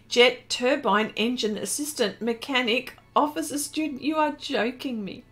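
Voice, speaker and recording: A woman's voice: a little high, a little slow, hardly any pauses, a bit bright. A woman chatting casually on a live art stream, reading viewer comments aloud and exclaiming often.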